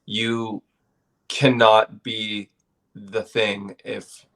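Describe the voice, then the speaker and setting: A man's voice: lowish voice, little pitch movement, very slow, a bit bright. A man in casual podcast conversation, telling stories in a laid-back, profane way with frequent laughs.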